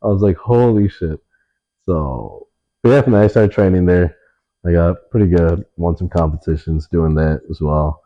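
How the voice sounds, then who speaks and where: A young man telling stories in a relaxed interview, swearing often and leaning on fillers. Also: sits low, normal speed, lo-fi sound. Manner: laid-back, swears a lot, many fillers. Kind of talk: casual storytelling in an interview.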